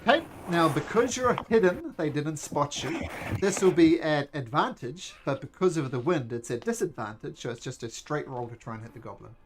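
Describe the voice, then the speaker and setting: Animated man running a tabletop game. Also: a little high, normal speed. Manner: animated, breaks into goblin voices, counts out movement. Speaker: game master. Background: faint music.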